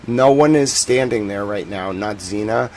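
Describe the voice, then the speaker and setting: A man with a Boston accent hosting a casual live stream about war footage, chatting with viewers and turning soft and earnest on serious points. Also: lowish voice, normal speed, slight background noise, rough recording. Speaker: live-stream news host.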